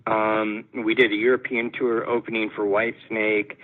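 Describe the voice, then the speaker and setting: A man's voice: on the low side, flat delivery, moderate pace. A man, a musician, telling a story in a casual, amused way in an interview. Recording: tinny phone-like audio.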